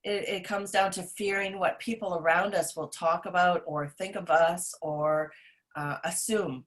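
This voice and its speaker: Rambling middle-aged woman, lowish voice. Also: fairly even intonation, a little slow. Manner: rambling and earnest, self-described rant; frequent fillers and restarts. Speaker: nutritionist and podcast co-host. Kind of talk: casual chat.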